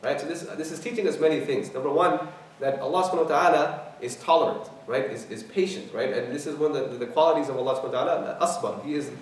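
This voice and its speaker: A man lectures as an imam, walking through the meaning of scripture and leaning on repeated key words. He talks fast and recites passages rapidly. His voice comes from a distance across a very reverberant hall with faint noise behind it. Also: on the high side. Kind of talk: tafsir lecture. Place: mosque hall. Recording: very echoey hall, mic at a distance.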